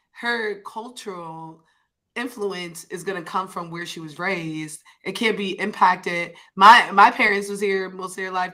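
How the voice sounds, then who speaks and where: A woman chatting casually as a podcast guest over a remote call, teasing and animated. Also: medium pitch.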